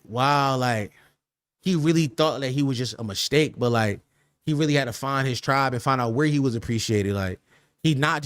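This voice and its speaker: A man's voice: medium pitch, a bit bright, no room sound. A young man hosting a livestream podcast, talking loosely in slang and reacting to chat with laughs.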